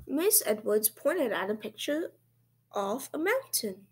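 A woman reading a children's picture book aloud in a gentle, expressive way. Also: a little high, slow, breathy edge.

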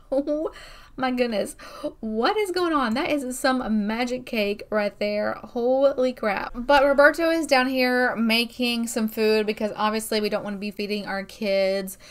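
A young woman hosting a gaming video, chatting excitedly through her gameplay with frequent exclamations. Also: a little high, measured pace. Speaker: gaming channel host. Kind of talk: casual game commentary.

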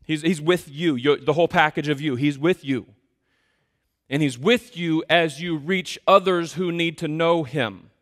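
A male pastor preaching a sermon in a conversational, self-deprecating, animated storytelling way. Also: fairly high pitch, unhurried. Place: church sanctuary. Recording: long hall reverb.

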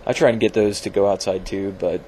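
A man's voice: fairly low pitch, steady tone, brisk, mellow, slight background noise. A man talking casually in a science vlog from his home computer, rambling and self-deprecating, with many fillers and restarts. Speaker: video blogger.

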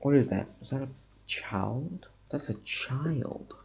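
A man's voice: medium pitch, animated, takes it slowly, gravelly, dull audio. A young man giving a let's-play commentary on a horror game, muttering to himself and reacting nervously to scares. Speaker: gamer.

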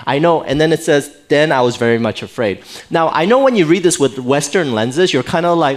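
Pastor man preaching, conversational and animated. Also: fairly high pitch, a little fast, few pauses. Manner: conversational, animated, jokes with the congregation, frequent "right?". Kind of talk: sermon. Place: church sanctuary.

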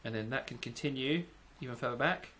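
A man's voice: medium pitch, fast talker, a bit bright, slight background noise. A man who is a bit sick, rambling and giggling while he builds in a game as a let's-play YouTuber. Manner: giggly, rambling, self-mocking. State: sick, under the weather. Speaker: gaming YouTuber.

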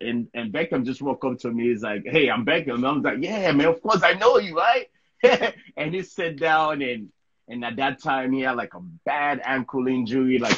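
A man from Sierra Leone tells a story as an interview guest, with a husky, slightly breathy voice at a middling pitch. He keeps it casual and animated, repeating words and tagging "right?" onto his sentences. The recording sounds somewhat dull and lo-fi. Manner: lively anecdotal telling, frequent "right?" tag questions, repeated words. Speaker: interview guest, pro soccer player.

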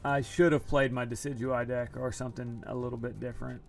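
A man with a gravelly, fry-tinged voice streams a card game from home. He chats loosely, jokes at his own expense and groans at bad draws. Soft music plays behind him. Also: mid-range voice, flat delivery, brisk. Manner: chatty, self-deprecating, groaning at bad luck. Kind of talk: casual live-stream commentary.

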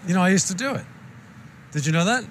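A blunt, nitpicking know-it-all in improvised sitcom dialogue, with a fairly high voice. Noise hums steadily under the TV audio. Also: male voice, lively intonation, quick pace. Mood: explaining. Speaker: sitcom actor in an improvised scene.

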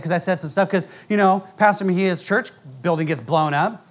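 An American man with a high, brisk voice preaches a sermon to a congregation in a church sanctuary. As pastor, he speaks bluntly and emphatically but conversationally, frequently turning to the congregation with asides.

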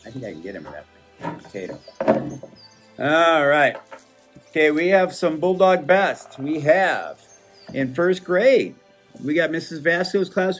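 A man with a middle-pitched voice hosts a school's morning announcements. He is playful and upbeat, cracking corny jokes between names, with faint music behind him. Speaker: school morning show host.

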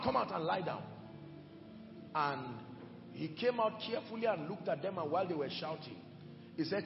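A man preaching a sermon with emphatic delivery, moving between shouted lines and hushed ones. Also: high voice, expressive, normal speed, creaky, pauses often, muffled recording. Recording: echoey hall with music behind.

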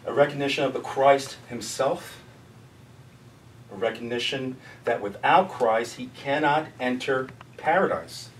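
A man's voice: medium pitch, unhurried. Man teaching a group in an echoey room. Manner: conversational, asks the group questions. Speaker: Bible study leader. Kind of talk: casual teaching. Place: church meeting room. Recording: echoey room, distant mic, faint noise.

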